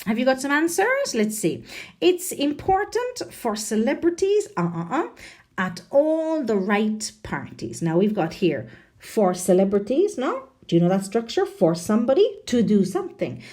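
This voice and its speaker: Woman teacher, animated grammar lesson, tag questions throughout, voice rising and falling widely. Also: a little high, normal speed. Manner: lively and chatty, checking in with frequent "no?" tags. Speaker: English teacher.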